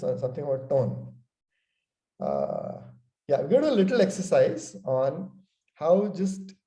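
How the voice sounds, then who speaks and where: A man's voice: fairly high pitch, warm tone. A man leading an online sales training workshop, talking conversationally over a video call. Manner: conversational, frequent "okay" and "you know". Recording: echoey room.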